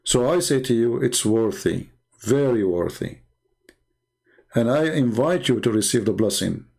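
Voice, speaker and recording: A man's voice: medium pitch, animated, unhurried, vocal fry, darkish tone. A middle-aged man whose first language is Arabic, hosting a late-night livestream, tired with a strained voice, talking in an emphatic, preachy way with non-native grammar. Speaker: online debate show host.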